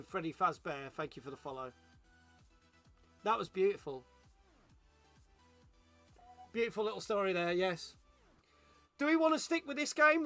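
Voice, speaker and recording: A man hosts a game stream in a casual, joking way, reading out viewers' names and messages as he goes. His voice sits high and sounds bright and clear. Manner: joking, chatty, reads viewer messages aloud. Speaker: streamer host. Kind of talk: casual live-stream chat.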